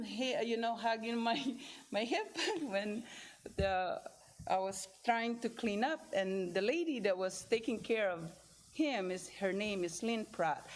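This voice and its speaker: A woman speaks informally to a church gathering, her story wandering and restarting as she acts out what others said with lively asides. Her voice sits at an ordinary middle pitch. A faint hiss of background noise lies under the recording. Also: poor audio. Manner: rambling, with restarts and animated quoted asides. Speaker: church member sharing a mission trip story. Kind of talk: informal testimony to a congregation. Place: church hall.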